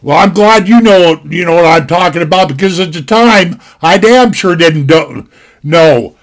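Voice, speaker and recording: Older man, from Montana, high voice, folksy, rambling, casual storytelling, desktop mic at home. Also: lively intonation, measured pace. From Montana, USA. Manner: rambling, folksy, full of "you know" asides. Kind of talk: casual spoken anecdote. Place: home desk.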